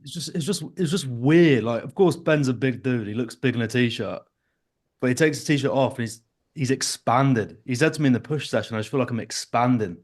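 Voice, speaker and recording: A man's voice: mid-range voice, moderate pace, a little mellow. A man who works as an online fitness coach, chatting casually on a podcast with self-deprecating humor. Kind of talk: casual chat.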